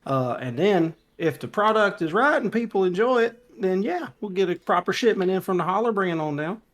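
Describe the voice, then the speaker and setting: A man playing in a tabletop game, talking in a relaxed way with many "I reckon"s. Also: high-pitched, a little fast. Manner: relaxed, says "I reckon" and "you know". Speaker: player. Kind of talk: casual chat at a tabletop game.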